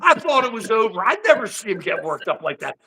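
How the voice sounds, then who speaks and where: An American political livestream host, an older man with a high voice, rants in heated political talk with his chat. He's animated and rambling, talks fast, and addresses chatters by name.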